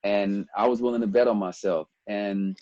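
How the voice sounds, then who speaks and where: A man in his forties from Ethiopia, a guest telling stories in a relaxed interview, animated and quick to quote others. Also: fairly low pitch, no echo, lo-fi sound. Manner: animated storyteller, breaks into quoted voices and laughs. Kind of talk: casual storytelling interview.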